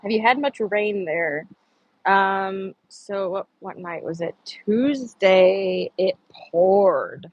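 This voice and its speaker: A woman's voice: mid-range voice, slow, darkish tone, highs cut off. A woman chatting casually on an outdoor livestream, rambling and answering viewer comments. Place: outdoors on a humid morning.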